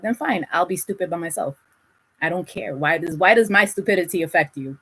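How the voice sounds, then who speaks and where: A woman's voice: fairly low pitch, a little fast, fairly bright tone, breathy edge, low-quality recording. Blunt, swearing woman doing a tarot reading. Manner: blunt, swears freely, laughs often. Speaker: tarot reader. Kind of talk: casual spiritual reading.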